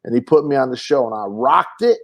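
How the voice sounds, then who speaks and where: A man's voice: mid-range voice, a little fast, vocal fry. A man telling comedy road stories in casual podcast chat, acting out the people he quotes. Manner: animated storyteller, acts out quotes, many fillers and restarts.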